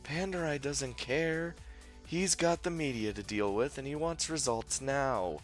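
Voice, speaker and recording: A man voicing a calm woman scientist in a fan dub, low-key and matter-of-fact. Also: unhurried, soft background music, lightly acted. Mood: grim.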